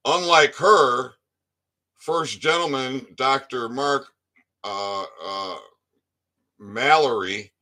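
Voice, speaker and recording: A man from Michigan reading a news article aloud and breaking into profane, angry commentary, dropping from low muttering to shouting. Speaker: online commentator.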